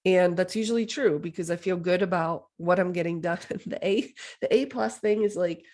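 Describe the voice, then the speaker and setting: A woman's voice: fairly low pitch, a little fast, a little mellow. A woman in her thirties hosting a solo podcast, chatty and enthusiastic, with lots of "like" and "you know". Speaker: podcast host. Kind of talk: casual solo podcast talk.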